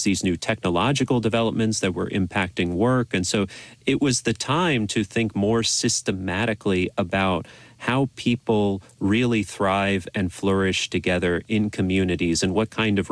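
A fairly low-pitched man speaks steadily and thoughtfully, laying out his points as a radio interview guest. The sound is close and dry, with no room around it. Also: dry recording. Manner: measured, explanatory, with small restarts. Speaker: priest and bioethics professor, interview guest.

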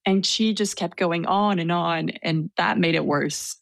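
A woman telling a story in casual conversation, soft-spoken and hesitant with many fillers. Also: fairly low pitch, measured pace, vocal fry, hardly any pauses, dry recording. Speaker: storyteller guest.

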